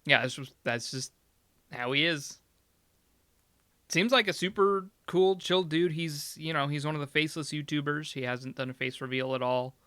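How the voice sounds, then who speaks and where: A young man chats casually as a podcast co-host. His voice has a bright, forward edge and is recorded close and dry, with no room sound. He talks in an animated way and laughs often. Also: on the high side, moderate pace, no echo. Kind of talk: casual chat.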